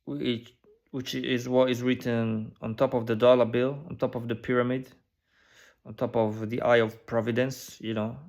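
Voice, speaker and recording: A man giving casual, speculative commentary on a video, musing through a list of phrases with many pauses and frequent "you know" and "right?" asides. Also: mid-range voice, little pitch movement, creaky, darkish tone. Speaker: video creator decoding an advertisement.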